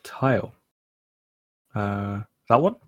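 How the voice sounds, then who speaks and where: A man's voice: fairly low pitch, lively intonation, very slow, no room sound, lo-fi sound. A man playing in a tabletop game, easygoing and matter-of-fact in casual table chat. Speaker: player.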